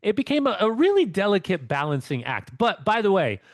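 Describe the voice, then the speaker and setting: A man's voice: sits high, huge pitch swings, a little fast, dry recording, studio quality. A man co-hosting a podcast and chatting casually, telling rambling stories with lots of restarts. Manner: rambling storyteller with many restarts. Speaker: co-host.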